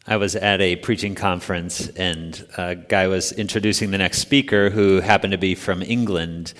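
An American man preaching a sermon in a relaxed, conversational way, quizzing his congregation. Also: low voice, moderate pace, in a large hall. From United States. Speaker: pastor.

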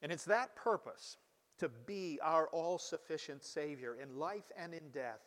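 A man preaching a sermon as pastor, measured and steady, leaning on emphatic rises for key phrases. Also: fairly high pitch, in a large hall.

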